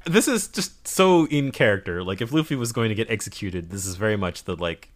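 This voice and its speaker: A man's voice: on the low side, brisk. A man co-hosting a podcast, chatting casually about a comic, laughing and saying "like" a lot. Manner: lively, laughing, lots of filler likes. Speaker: podcast co-host.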